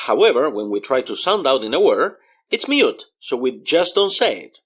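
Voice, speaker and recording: Man, language teacher, husky voice, lively rising and falling pitch, slow repeated example words. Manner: models each sound slowly, repeating example words. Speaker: Spanish teacher. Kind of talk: video language lesson.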